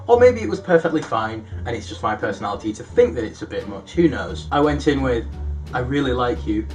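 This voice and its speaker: A young man chats casually to camera in a mid-pitched voice, poking fun at himself. He gets animated and lifts his pitch when he reads out old messages. Soft music plays faintly underneath. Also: quick pace. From United Kingdom. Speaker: YouTuber. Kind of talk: casual vlog storytelling.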